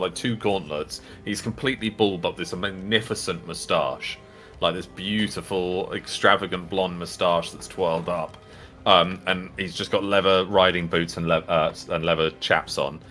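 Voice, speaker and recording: Low-voiced male game master, loose and hesitant, faint music under him. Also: steady tone, normal speed, pushed and bright. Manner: rambling, full of fillers. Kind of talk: narrating a tabletop game.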